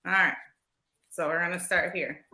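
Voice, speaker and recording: A woman's voice: fairly low pitch, fairly even intonation, normal speed, bright, forceful tone. A woman hosting a podcast, playfully reading out questions to her guest in casual chat. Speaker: podcast host. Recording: echoey room.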